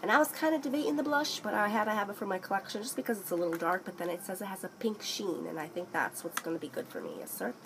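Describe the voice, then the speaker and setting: A woman's voice: medium pitch, fast talker, few pauses, background noise. Young woman vlogger, bubbly and theatrical, drifts into silly accents, recorded on camera mic in a small room. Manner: excitable, bursts into song, slips into put-on accents. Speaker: beauty vlogger. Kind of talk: casual makeup haul chat.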